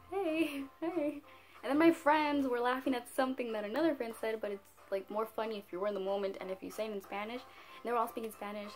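A teenage girl telling a storytime in a chatty, animated way, full of "like" and "whatever". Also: fairly high pitch. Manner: chatty, animated, heavy use of "like". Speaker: vlogger. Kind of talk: casual storytime.

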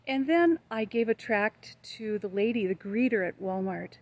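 A woman's voice: mid-range voice, expressive, normal speed. Earnest older American woman preaching outdoors. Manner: earnest, storytelling with quoted dialogue. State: hot, red-cheeked in a heat wave. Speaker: evangelist vlogger. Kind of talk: casual testimony vlog. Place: outdoors in the shade of a tree.

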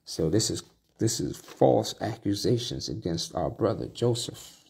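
A male preacher leads a Bible study, reading a verse aloud before breaking it down in everyday words. His voice sits fairly low and has a gravelly, husky grain. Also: expressive, a little slow, mellow. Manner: reads scripture aloud then explains it, with restarts and asides.

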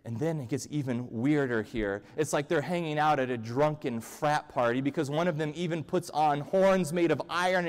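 A man's voice: a little high, moderate pace, hardly any pauses. A male pastor giving a humorous, conversational sermon in a church. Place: church sanctuary. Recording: long church-hall reverb.

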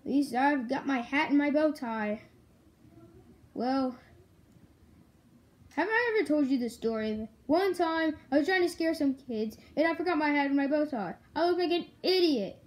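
A woman's voice: high-pitched, lively intonation, moderate pace. A girl voicing a goofy wannabe-scary plush bear. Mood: playful, boastful. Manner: boastful, clumsy, rehearses roars. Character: goofy animatronic bear plush, male, eager to scare kids. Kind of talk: toy play-acting.

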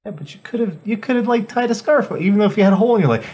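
A man's voice: high-pitched, big pitch swings, fast, hardly any pauses, a little mellow. A man co-hosting a podcast, cutting in with teasing jokes in casual chat. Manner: teasing, jokey interjections. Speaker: podcast co-host.

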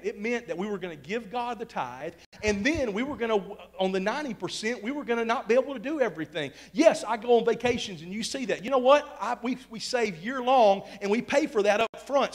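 A pastor in his thirties delivers a sermon from the pulpit in a fairly high, light voice. He is folksy and quick to joke at his own expense. His delivery swings from quiet, confiding asides to shouted exhortation. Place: church sanctuary.

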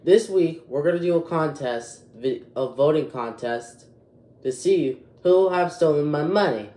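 A man's voice: fairly high pitch, lively intonation, measured pace, mellow, reverberant. A twelve-year-old boy hosting a casual vlog, agitated and rambling with many restarts. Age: 12 years old. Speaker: youtube channel host.

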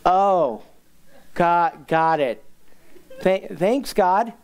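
Animated pastor telling a story. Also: male voice, high voice, extremely slow, smooth. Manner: animated, self-mocking, acts out quoted dialogue. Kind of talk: storytelling sermon.

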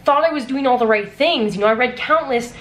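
A young adult woman vlogging as an author, gushing and breathless with excitement as she talks and reads aloud. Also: on the high side, a little fast, a little hiss or hum. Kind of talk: excited vlog unboxing and reading aloud.

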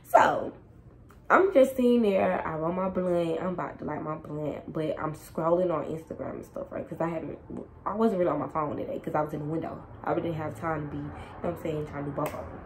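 A young woman casually telling a storytime to her viewers, animated and slangy, talking straight to them. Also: low voice, a little fast, a little hiss or hum, poor audio. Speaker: storytime vlogger.

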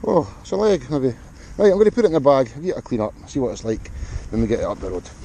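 A Scottish man talks his viewers through a dig in a cold field, chatty and upbeat. His voice is mellow and his pitch swings a lot as he talks. A faint hum of outdoor noise sits behind him. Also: big pitch swings, fast talker, low-quality recording. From Scotland. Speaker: metal detecting vlogger. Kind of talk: casual running commentary to viewers.

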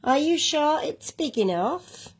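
A woman's voice: high voice, expressive, slow pace, pitched above the performer's own voice. Fretful storybook mum, read by a woman. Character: fussy middle-aged storybook mother.

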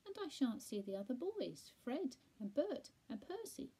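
Woman reading as a sad, greedy tomcat, meek and plaintive, breathy. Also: high-pitched, very animated, measured pace, dark tone, pitched above the performer's own voice, exaggerated voice. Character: fat, sad, greedy male house cat.

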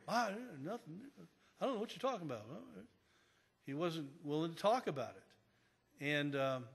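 In a church sanctuary with long hall reverb, a pastor preaches a sermon, telling stories conversationally and restarting often. His voice is on the high side and a bit bright.

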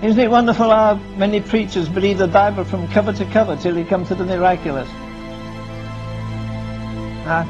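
A man's voice: high voice, steady tone, normal speed, long pauses. A man preaching a sermon, firing rhetorical questions at the congregation and acting out Bible scenes in dialogue. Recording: dull lo-fi sermon recording with faint music.

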